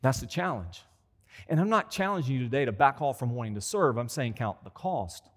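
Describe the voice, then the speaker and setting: A man's voice: medium pitch, very animated, brisk. A man preaching a conversational sermon as a pastor. He repeats phrases for emphasis and acts out quoted voices. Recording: long hall reverb.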